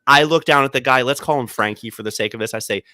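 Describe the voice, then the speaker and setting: A man co-hosting a podcast, telling animated stories in casual chat and slipping into quoted voices. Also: mid-range voice, fast talker, dry recording, studio quality. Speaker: podcast co-host. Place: podcast studio.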